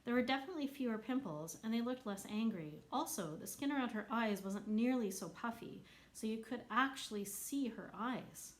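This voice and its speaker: A woman reading a novel aloud as narrator, lifting her voice for the characters who shout. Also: fairly high pitch, lively intonation, normal speed, few pauses, low-quality recording. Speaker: audiobook narrator. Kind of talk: scripted narration.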